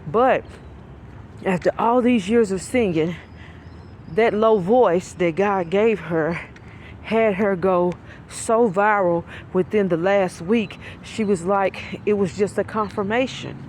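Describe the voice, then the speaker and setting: A woman with a deep, low voice preaching an earnest message of encouragement to camera, repeating phrases for emphasis. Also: slow pace, darkish tone, slight background noise. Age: adult with school-age children. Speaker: self-styled prophetess posting online videos.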